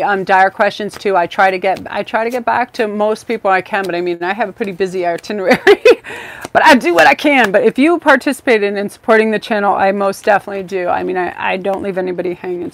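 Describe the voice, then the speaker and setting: A woman's voice: medium pitch, fast, hardly any pauses. A woman hosting a live-stream tarot reading, talking in an effusive, rambling, chatty way with many fillers.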